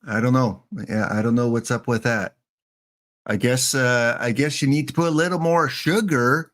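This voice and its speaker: A man hosts a casual livestream, rambling and joking straight to his viewers. His voice sits at a middle pitch, and he sounds a little winded as he talks. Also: moderate pace, a bit bright. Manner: rambling, playful, talks to chat. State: a bit winded. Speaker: livestream host.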